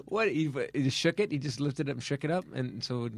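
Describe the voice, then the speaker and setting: A man co-hosting a comedy podcast in casual chat, incredulous and quick to laugh, often cutting in with questions. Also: medium pitch, vocal fry, no room sound. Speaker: podcast co-host.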